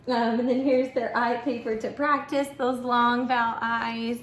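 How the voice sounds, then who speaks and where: A woman's voice: fairly high pitch, level tone, takes it slowly, slight background noise. A young woman, a preschool teacher, chatting casually and encouragingly to parents with lots of fillers.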